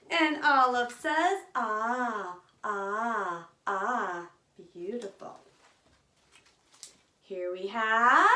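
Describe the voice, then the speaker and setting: Woman leading a children's phonics lesson, encouraging and sing-song, slow unhurried delivery. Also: high-pitched, sharp tone, roomy sound. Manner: sing-song and encouraging, modeling letter sounds. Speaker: early literacy teacher.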